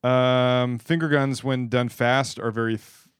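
A young man co-hosting a casual podcast chat, telling deadpan jokes in a laid-back way. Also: mid-range voice, unhurried, clear, resonant tone, no room sound, clean studio sound. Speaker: podcast co-host.

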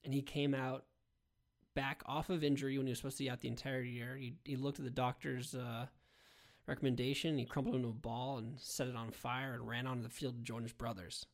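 A man's voice: mid-range voice, level tone, brisk, creaky. A man co-hosting a casual sports podcast, earnest and folksy. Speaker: podcast co-host.

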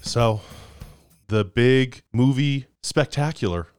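A man's voice: medium pitch, slow pace, darkish tone, smooth, dry recording, studio quality, soft background music. A man co-hosting a casual podcast chat, joking and laughing often. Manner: giggly, joking, puts on silly accents. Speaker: podcast co-host.

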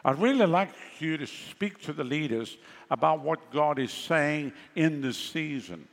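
A man's voice: on the high side, expressive, measured pace, creaky, big-room sound. A male pastor preaching a sermon in a conversational way, with sarcastic asides.

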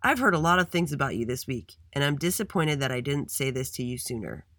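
Storybook principal: a stern but fair woman, firm and measured, read by a man, dry close sound. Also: medium pitch, very animated, bright, forceful tone, no room sound.

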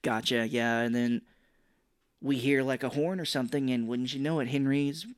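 A man co-hosting a podcast, casually recapping a film with animated retellings, quick voiced impressions of characters and frequent laughs. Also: medium pitch, clean tone, dry recording, studio quality. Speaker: podcast co-host. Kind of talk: casual movie recap chat.

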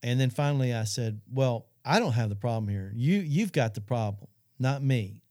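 Middle-aged man, Christian talk host, earnest storyteller, warm low tone, dry close sound. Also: expressive, moderate pace, dry recording. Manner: earnest storytelling, addresses audience. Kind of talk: Christian talk show testimony.

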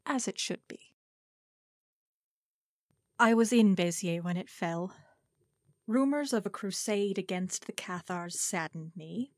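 A woman narrating historical fiction in a measured, formal storytelling manner. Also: mid-range voice, no echo, clean studio sound. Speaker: audiobook narrator.

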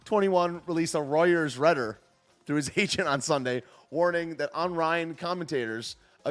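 A man's voice: on the high side, normal speed, faint music behind. A young man hosting a livestream, chatting casually about the news, joking and laughing often in slangy talk. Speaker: livestream host.

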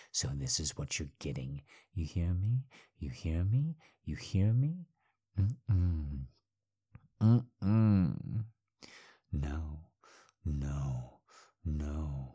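Deep slow domineering man. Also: lively intonation, slightly rough. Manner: domineering, taunting, commanding; drops to low murmurs and whispers between loud outbursts. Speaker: audio role-play performer. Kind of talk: adult audio role-play.

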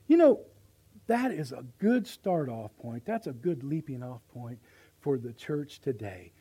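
A man's voice: mid-range voice, big pitch swings, moderate pace, breathy edge, rough recording. Folksy, impassioned preacher man. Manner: folksy, impassioned, swings from hushed to loud. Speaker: pastor. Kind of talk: sermon. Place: church, live.

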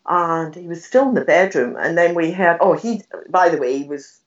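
An older woman telling stories in an interview, animated and laughing often, acting out what she said back then. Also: lowish voice, normal speed. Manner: animated storyteller, laughs often, acts out her own past words. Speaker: guest telling ghost stories. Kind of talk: storytelling in an interview. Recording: dull, slightly distant recording.

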